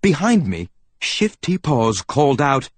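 Male narrator for a storybook, a slow unhurried read with a husky edge. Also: medium pitch, dry recording. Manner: expressive first-person reading.

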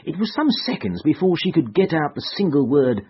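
A man narrating an old detective story in a husky, breathy voice, his pitch climbing and falling in a lively way. The recording is dull and lo-fi. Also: brisk. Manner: expressive storytelling, raises pitch for quoted speech. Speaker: audiobook narrator. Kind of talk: scripted narration with character voices.

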